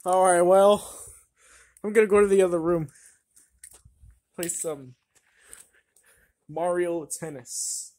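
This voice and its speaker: A woman play-acting toy characters in turn, bursting into giddy shrieks of excitement. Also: fairly low pitch, takes it slowly, long pauses.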